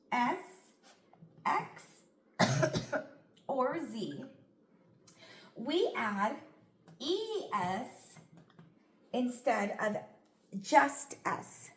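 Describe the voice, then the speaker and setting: Woman teacher sounding out words real slow, patient, echoey room. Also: fairly high pitch. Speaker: phonics teacher. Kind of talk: slow, clear classroom instruction.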